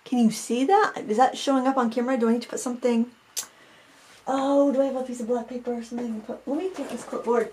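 Chatty woman with a gravelly edge. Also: on the high side, fast, warm tone. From Maine. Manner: chatty and self-mocking, thinking aloud. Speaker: craft vlogger. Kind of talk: casual chat.

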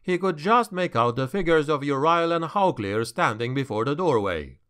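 A man narrating a dark fantasy audiobook in a measured, dramatic way. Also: a little high, animated, clean tone.

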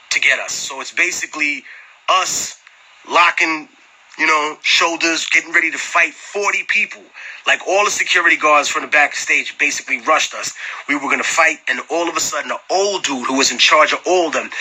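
A man talks straight into his phone on a livestream and answers fans in loose, casual chat. His voice is bright and sharp-edged but husky underneath. He tells profane, animated stories and breaks into laughter often. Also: fairly high pitch, rough recording. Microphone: phone camera.

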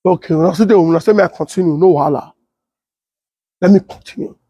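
A middle-aged man with a Nigerian Pidgin accent, telling a political story in a casual, animated way and talking straight to his viewers. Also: high voice, quick pace, breathy edge, dry recording. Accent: Nigerian Pidgin English. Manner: animated, repeats himself, talks straight to viewers. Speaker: political commentator.

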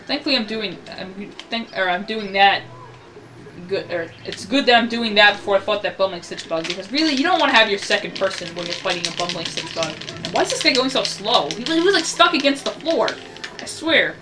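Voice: mid-range voice, animated, brisk, distant mic, noisy background. A host giving casual gameplay commentary, rambling, joking and correcting himself mid-sentence. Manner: rambling, self-correcting, jokey. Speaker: let's play host.

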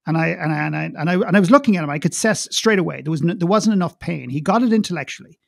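A man who is a guest speaker and coach, telling a story in conversation in an animated way and repeating words when wound up. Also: a little high, racing, gravelly, no echo, studio quality.

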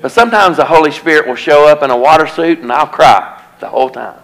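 A man's voice: on the high side, fast, a bit bright, poor audio. A male evangelist, preaching a revival sermon in a church and telling a folksy story that grows into an earnest warning. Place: church sanctuary.

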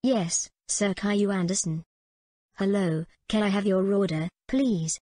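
A woman's voice: mid-range voice, a little slow, dark tone, no room sound, clean studio sound, lightly acted. A woman playing an earnest young waitress.

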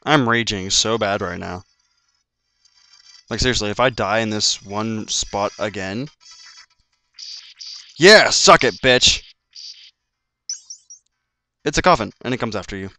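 Low-voiced guy ranting and cussing over a game, tense sharp tone. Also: normal speed. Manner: swearing, frustrated ranting. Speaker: let's play commentator. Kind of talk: gameplay commentary. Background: faint game music.

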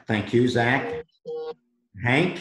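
A man moderates a panel in a very slow, unhurried way. His short handoffs sound roomy and echoey over the call. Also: mid-range voice, fairly bright tone.

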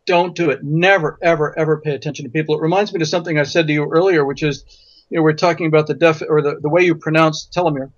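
A man's voice: a little high, fairly even intonation, fast talker, no room sound. A man guest in an interview, a physician telling stories emphatically and repeating words for stress. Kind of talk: interview conversation. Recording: dull lo-fi audio.

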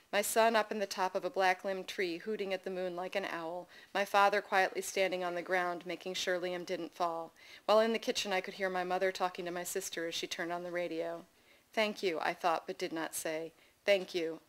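A middle-aged woman reading her own memoir stories to an audience at a festival, with lively, amused asides and a raised pitch for the children's lines. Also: rough recording. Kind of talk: live reading of personal essays.

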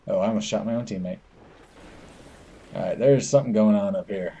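A man's voice: sits low, steady tone, moderate pace, pauses often, dark tone, slightly rough. A young man casually commenting on his own online match as a gaming channel host, playful and self-mocking, often exclaiming in surprise. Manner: playful, exclaims "oh my goodness", chuckles at himself.

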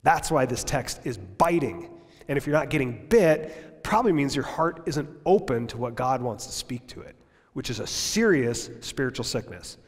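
A male pastor preaching a sermon at a church service, impassioned, swinging from loud emphasis down to near-whispers. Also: mid-range voice, animated, normal speed, in a large hall.

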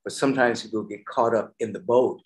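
A man who is a spiritual leader, praying aloud in a slow, measured, incantatory cadence and then talking in a calm conversation. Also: mid-range voice. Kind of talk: spoken prayer and conversation.

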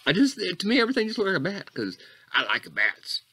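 A man playing Coach Catfish, an eccentric rambling character who drifts off on tangents and jumps between squeaky highs and low mutters. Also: wildly swooping pitch, fairly quick, sharp tone, slightly rough, exaggerated voice. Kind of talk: comedic character monologue.

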